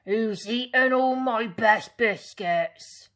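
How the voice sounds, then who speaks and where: A woman's voice: on the high side, takes it slowly, a bit bright, voice pushed up. A woman voicing a furious pirate captain who growls and bellows.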